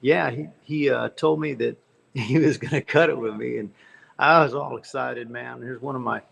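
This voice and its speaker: A man's voice: mid-range voice, steady tone, moderate pace, creaky, fairly bright tone. A man, a country singer-songwriter guest, telling rambling folksy anecdotes in an interview. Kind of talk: storytelling interview.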